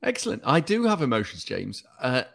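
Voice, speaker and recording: A man's voice: medium pitch, wildly swooping pitch, brisk, vocal fry, a bit bright. A man co-hosting a podcast in casual chat, dry and self-deprecating, often breaking into giggles. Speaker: podcast co-host, doctor. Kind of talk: casual podcast chat, reading listener letters.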